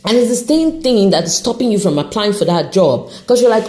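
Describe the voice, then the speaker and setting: A woman hosting an unscripted motivational podcast, talking off the cuff in an encouraging, animated way, with an accent she says shifts as she goes. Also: mid-range voice, brisk, hardly any pauses. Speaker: podcast host.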